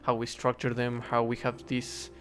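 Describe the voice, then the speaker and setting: Young man, mid-pitched, rambling chat over a game with faint music under it, stops and restarts a lot. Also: monotone, moderate pace, fairly bright tone. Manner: rambling, hesitant, self-correcting, swears casually. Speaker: English teacher. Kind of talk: casual rambling talk while gaming.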